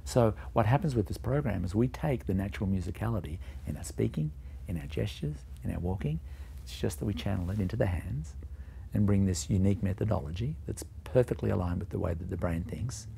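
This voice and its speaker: A man who founded a music teaching program, explaining his ideas emphatically and voicing rhythms out loud to show them. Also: fairly low pitch, expressive, fairly quick, gravelly, a little hiss or hum. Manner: emphatic, vocalizing rhythms to demonstrate points. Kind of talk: explanatory talk to camera.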